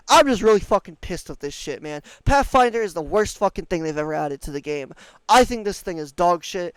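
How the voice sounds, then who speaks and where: A man's voice: sits high, clean tone, no echo, low-quality recording. A man ranting angrily and profanely over gameplay as a gaming video creator.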